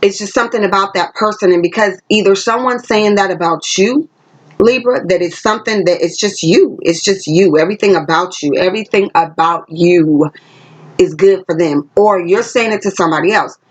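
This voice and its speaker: Husky-voiced woman giving a chatty tarot reading. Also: mid-range voice, moderate pace. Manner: chatty and emphatic, sings snippets of songs. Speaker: tarot reader. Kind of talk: casual spiritual reading vlog. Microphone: camera she set up herself.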